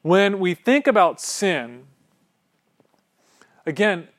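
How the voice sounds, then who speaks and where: A pastor with a high, sing-song, slightly bright voice preaches a sermon extremely slowly. He's conversational and jokes with the congregation, often checking in with "right?".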